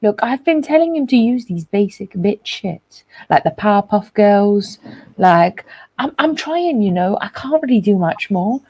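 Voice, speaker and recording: A woman's voice: mid-range voice, lively intonation, a little slow, dark tone. A woman talking football in casual chat, rambling and jokey with lots of restarts. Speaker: co-host of a football reaction show.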